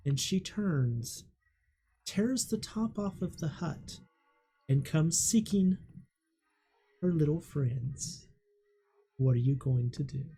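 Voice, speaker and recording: Slow deliberate game master running a tabletop game. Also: mid-range voice, lively intonation, mellow, breathy edge.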